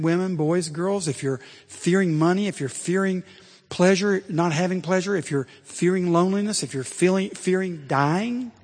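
Pastor guy preaching loud and emphatic, kinda high husky voice, big echoey church sound. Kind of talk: sermon.

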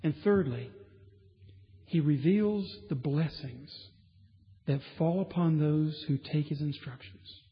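Speaking slowly in a slightly high voice, a man preaches with emphasis, using repetition to build intensity. He is a pastor in a large church sanctuary, captured with dull audio and a long reverberant tail.

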